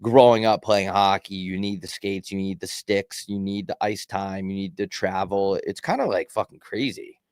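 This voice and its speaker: A man's voice: sits low, fairly even intonation, moderate pace, a little mellow, no echo, clean studio sound. A man co-hosting a podcast in casual sports chat, rambling and profane. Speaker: podcast co-host.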